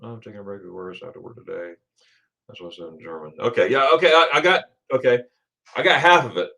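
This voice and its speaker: A man's voice: fairly low pitch, lively intonation, fast, gravelly, pushed and bright. A middle-aged man from Florida hosting a casual livestream, chatting with viewers and reading their comments aloud, laughing often. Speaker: livestream host.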